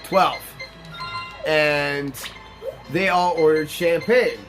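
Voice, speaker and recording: A man's voice: a little high, drawn-out words, a bit bright, faint music behind. A young man hosting a let's play, rambling through casual, profane gameplay commentary and stories.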